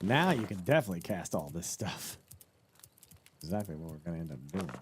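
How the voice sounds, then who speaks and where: Lively, excitable male game streamer. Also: low-pitched, brisk, slight background noise. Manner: loose and excitable, swears, thanks chat, riffs on ideas. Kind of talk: casual live-stream chat while gaming.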